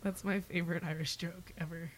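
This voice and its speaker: A woman's voice: lowish voice, fairly even intonation, brisk, a little hiss or hum, low-quality recording. A woman in her thirties from Oklahoma, a podcast guest chatting casually and telling stories with lots of fillers. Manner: chatty storyteller with fillers and playful asides. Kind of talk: casual interview chat.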